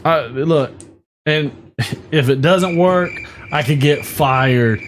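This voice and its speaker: A man's voice: fairly high pitch, slow, a little hiss or hum, pitched above the performer's own voice. A man playing a nervous office worker. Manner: anxious, pleading, rising to panicked shouts. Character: nervous male office worker, easily goaded.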